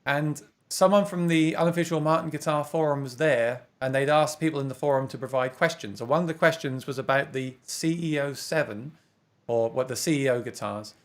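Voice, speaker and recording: A man's voice: mid-range voice, fairly quick. A man from England with an English accent, hosting a casual livestream chat, talkative and reading viewer comments aloud with frequent laughs. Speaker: host of a guitar livestream.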